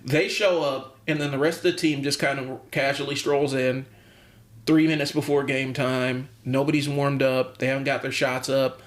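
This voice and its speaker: A man's voice: medium pitch, little pitch movement, moderate pace. A man co-hosting a casual coaching podcast, rambling with many ums and restarts and an occasional chuckle. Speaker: podcast co-host, basketball coach. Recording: roomy echo.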